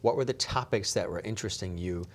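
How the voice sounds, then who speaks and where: A woman's voice: very deep voice, fast. A woman hosting a casual interview, supportive, often rephrasing what her guest says. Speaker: interview host.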